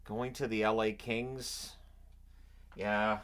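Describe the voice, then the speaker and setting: A man's voice: lowish voice, little pitch movement, slow, fairly bright tone, smooth. Rambling man chatting about hockey at home. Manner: rambling, self-interrupting, joking asides. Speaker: hockey channel host. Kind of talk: casual solo commentary. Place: home, washer running nearby.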